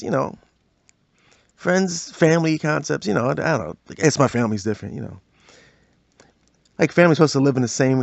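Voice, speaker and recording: A man hosting a podcast, telling comic stories in an animated, slangy way. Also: medium pitch, vocal fry, no room sound. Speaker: podcast host. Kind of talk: comedic storytelling.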